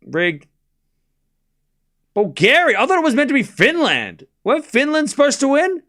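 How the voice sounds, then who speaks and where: A man with an Australian accent commentating tennis on a live stream, chatting with viewers between points. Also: very high-pitched. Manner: animated, chatty, quick play-by-play bursts.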